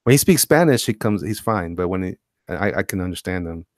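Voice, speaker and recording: A man co-hosting a casual podcast chat, telling rambling, animated stories. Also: low-pitched, brisk, no room sound, studio quality. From Tampa, Florida. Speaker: podcast co-host.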